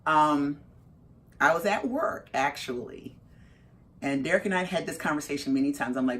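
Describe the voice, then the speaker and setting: A middle-aged woman, the mother of a parolee, telling her story in an interview and acting out her own reactions with big leaps in her voice. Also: moderate pace. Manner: animated, acts out her own reactions with big jumps in pitch.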